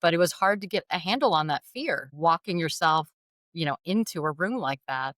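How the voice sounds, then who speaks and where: A middle-aged woman speaks as an interview guest, sharing a personal story openly and with self-deprecating humor. Her voice sits a little low and stays lively and animated. The sound is close and dry. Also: moderate pace, dry recording. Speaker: guest author.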